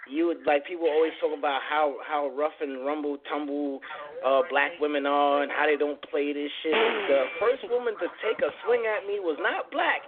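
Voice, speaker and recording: A man co-hosting a podcast in casual chat, animated, laughing often and swearing freely. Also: on the high side, moderate pace. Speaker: podcast co-host. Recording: tinny phone-like line with clear hiss.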